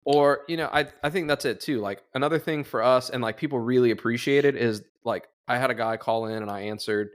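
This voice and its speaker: A man's voice: medium pitch, brisk, hardly any pauses. A young man co-hosting a podcast, chatting casually and acting out phone calls with his clients as he tells stories. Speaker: podcast co-host.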